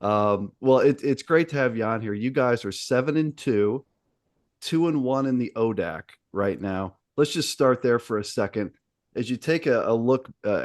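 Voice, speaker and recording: A man's voice: lowish voice, darkish tone, no echo, clean studio sound. A man hosting a sports podcast, chatting in an upbeat, casual way with lots of fillers. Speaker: podcast host. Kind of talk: casual interview chat.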